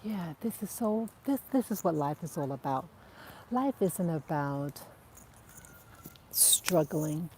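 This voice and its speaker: A woman talks casually to her viewers while out in a park, slow and thoughtful, her voice set a bit low. Faint outdoor noise sits under her clip-on mic. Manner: relaxed, reflective, chatty, with soft laughs. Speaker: vlogger walking her dogs. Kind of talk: casual outdoor vlog chat. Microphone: clip-on mic, wind audible.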